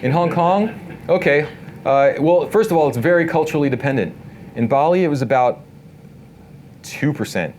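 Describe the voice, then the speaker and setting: A man giving a casual live workshop talk to an audience in an event space, relaxed and talkative, full of filler words. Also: on the high side, normal speed, pauses often, a little hiss or hum. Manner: relaxed, talkative, many "like" and "you know" fillers.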